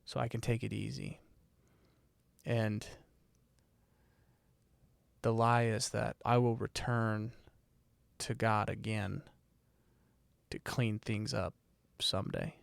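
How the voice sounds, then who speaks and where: A man with a gravelly, fry-edged voice shares his struggles candidly on a faith podcast. He is reflective and unguarded. The mic is dry and close. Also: fairly low pitch, flat delivery, slow pace, long pauses, no echo. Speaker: podcast co-host. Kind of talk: casual faith podcast conversation.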